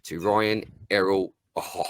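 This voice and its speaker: A man's voice: sits low, fairly even intonation, slow pace, no echo. An Australian man hosting a sports podcast, reading listener questions in a chummy way. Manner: friendly and chummy, calls everyone mate and buddy. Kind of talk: casual podcast chat.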